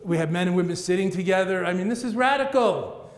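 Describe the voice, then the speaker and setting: Male Buddhist teacher, middle-aged, playful and rhythmic, slightly high voice, hall reverb. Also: expressive, quick pace. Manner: playful, rhythmic, laughs at his own jokes. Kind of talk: dharma talk to an audience. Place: large meeting room with audience. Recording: echoey hall, roomy reverb.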